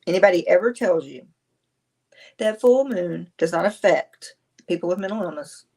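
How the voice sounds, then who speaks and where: A woman's voice: fairly low pitch, expressive, normal speed, dark tone. A woman, chatting casually on a livestream, rambling, answering viewers and laughing often. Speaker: livestream host.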